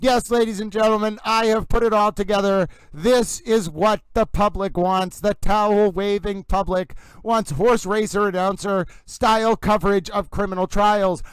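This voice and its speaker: A man's voice: high voice, fairly even intonation, normal speed, few pauses, clear, resonant tone, dry recording, poor audio. Guy hosting a stream, hammy race-announcer patter, dry close sound. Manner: mock horse-racing announcer delivery, theatrical. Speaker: livestream host. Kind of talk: comedic trial livestream commentary.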